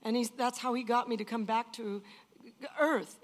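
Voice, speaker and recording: A woman's voice: on the high side, steady tone, normal speed. An older woman giving an emotional personal testimony in an earnest, emphatic way, often repeating phrases.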